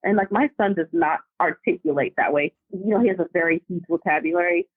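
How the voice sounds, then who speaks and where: A woman calling in to a podcast, telling a story in a casual and animated way. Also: lowish voice, quick pace, hardly any pauses, husky, dry recording. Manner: animated, vivid retelling. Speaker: caller. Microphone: phone call. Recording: tinny phone line.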